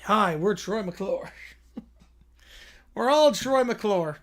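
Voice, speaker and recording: A man's voice: high voice, expressive, drawn-out words, pitched below the performer's own voice, heavily acted. A man doing a smarmy alien showbiz host. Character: alien male film host, smarmy and showy.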